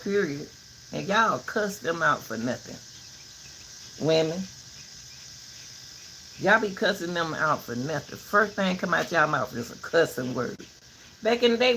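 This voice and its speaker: An older woman talking casually to her viewers in a vlog, giving folksy, preachy advice in an animated way. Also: sits low, slight background noise, low-quality recording. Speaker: vlogger.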